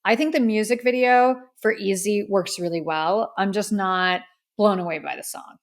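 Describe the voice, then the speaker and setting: A woman's voice: medium pitch, normal speed. Chatty, opinionated woman podcaster. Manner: candid, chatty, opinionated, with frequent fillers. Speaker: podcast host. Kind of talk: casual music review podcast. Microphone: studio microphone.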